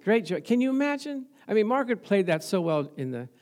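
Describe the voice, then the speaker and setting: Guy pastor with a high voice, chatty sermon, keeps throwing questions at the room. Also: sing-song, fast talker, a little mellow. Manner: conversational preaching with rhetorical questions; storytelling, acting out remembered exchanges.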